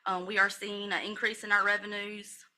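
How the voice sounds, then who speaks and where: A woman's voice: mid-range voice, little pitch movement, normal speed, bright, forceful tone. A woman county finance officer reading a monthly financial report at a public meeting, reciting figures methodically with brief self-corrections. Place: county commissioners' meeting room.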